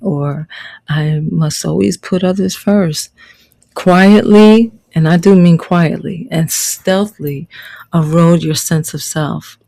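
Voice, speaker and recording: A middle-aged life coach teaches a motivational online lesson, preaching and repeating key phrases for emphasis. Her voice is deep and warm, but the recording quality is low.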